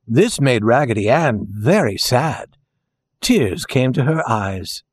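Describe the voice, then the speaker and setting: A man narrating a children's storybook in a slow, gentle, expressive way. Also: medium pitch.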